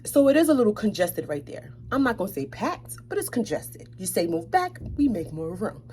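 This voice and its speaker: A young woman from New York tells a storytime tale with sass and animation. Her voice is mellow and warm, and it slips into hushed asides. A faint hum sits behind her. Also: mid-range voice, sing-song, fairly quick. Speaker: vlogger. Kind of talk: storytime chat.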